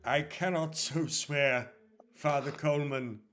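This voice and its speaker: A man's voice: fairly high pitch, fairly even intonation, slow pace, a bit bright. A man voicing a cornered, guilty male noble who stutters and flusters through his denials. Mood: defeated.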